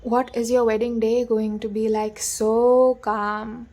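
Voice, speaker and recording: A woman giving a gentle, reassuring tarot reading, talking with many fillers and restarts. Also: fairly high pitch, flat delivery, slow pace. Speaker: tarot reader. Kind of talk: soft-spoken tarot reading.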